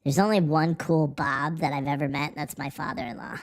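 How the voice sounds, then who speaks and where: In casual livestream chat, a married adult host rants sarcastically and profanely, rambling through a voice changer. His voice sits on the high side, fairly quick and steady in tone.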